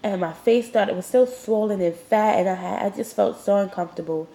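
A woman's voice: mid-range voice, fairly quick, mellow. A young woman hosting a podcast, talking candidly and rambling with lots of "like" fillers, a little congested and sniffling. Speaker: podcast host. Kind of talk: personal confessional monologue.

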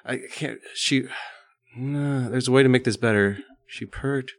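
A man's voice: medium pitch, normal speed, no echo, studio quality. A man co-hosting a podcast, joking around and reading a racy story aloud with mock drama and stumbles. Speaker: podcast co-host. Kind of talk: casual chat and reading smut aloud.

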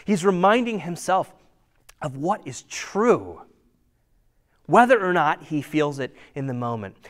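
A man preaching a sermon in a conversational way, full of rhetorical questions and sometimes dropping to a near-whisper for emphasis. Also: fairly high pitch. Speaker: pastor.

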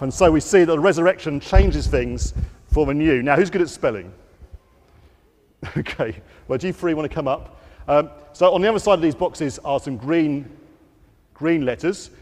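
A man giving an all-age church talk, telling the story in a lively way to children and acting out the quotes. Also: on the high side, long reverb tail. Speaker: preacher. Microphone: wearing a microphone.

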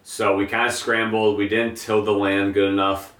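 A young man with a very deep voice talks in a relaxed, rambling way, dotting his speech with fillers. He is a guest describing his work as a grower. He sounds set back from the mic in an echoey room. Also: normal speed, recorded from a distance. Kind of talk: casual interview chat.

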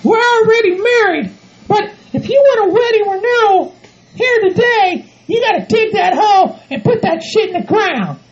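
A man voicing a bossy rancher's wife in a comedy audio skit, shouting orders and scolding. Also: very high-pitched, lively intonation, normal speed, pitched above the performer's own voice. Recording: dull lo-fi home recording, off-mic.

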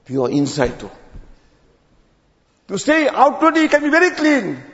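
Imam, male, high and lively sermon voice; dull recording in a reverberant hall. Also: a little slow. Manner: storytelling, drops to low quiet tones at ends of phrases.

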